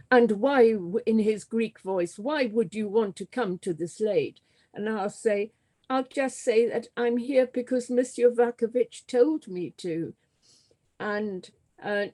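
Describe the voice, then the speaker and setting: An older woman from Britain tells long stories at an unhurried pace, in a mellow, darkish voice. She often pauses on ums and restarts her sentences, in a relaxed conversational tone. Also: medium pitch. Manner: halting, with many ums and restarts. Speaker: guest, scenographer and author. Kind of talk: conversational storytelling.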